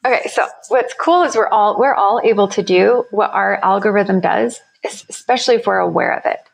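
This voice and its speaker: A woman speaks with a gravelly, fry-laden edge in a mid-range voice. She is a company founder talking on a podcast interview, explaining her ideas with enthusiasm and the odd restart. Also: mid-range voice, fairly quick. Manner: enthusiastic, explanatory, self-correcting.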